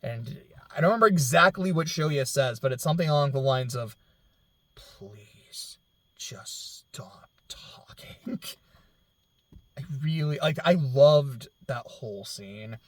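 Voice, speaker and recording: A man giving a casual, emotional film reaction, rambling with many fillers and dropping very soft when moved. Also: mid-range voice, normal speed, hardly any pauses. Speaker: film reviewer.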